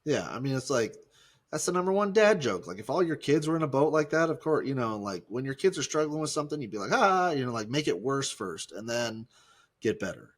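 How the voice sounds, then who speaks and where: A man's voice: mid-range voice, lively intonation, a little fast, slightly rough. A man co-hosting a podcast in casual, rambling chat, cracking jokes and putting on silly voices. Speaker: podcast co-host.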